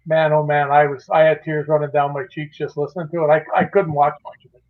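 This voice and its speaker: Man, fairly high voice, animated storyteller who restarts his sentences a lot; muffled lo-fi stream sound. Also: fast talker. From Canada. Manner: animated anecdote teller, many restarts. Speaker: guest, magazine publisher. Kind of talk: casual storytelling on a live show.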